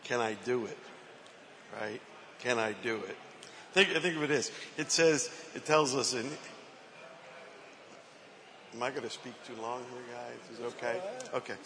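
Gravelly man preaching in a reverberant hall. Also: mid-range voice, unhurried, long pauses, pushed and bright, slight background noise. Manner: questions the congregation, playful. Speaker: preacher on a panel. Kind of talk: conversational sermon. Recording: long reverb from a hall, faint ambience.

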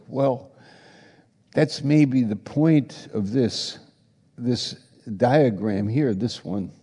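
Slow gravelly preacher in a hall. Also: male voice, lowish voice, warm tone. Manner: slow, halting delivery with many restarts. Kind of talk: sermon. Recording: long reverb of a hall.

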